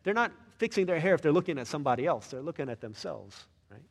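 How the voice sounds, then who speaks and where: A pastor preaching a sermon in a church, conversational and animated, often asking the listeners questions. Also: male voice, fairly high pitch, fast talker, vocal fry, breathy edge, in a large hall.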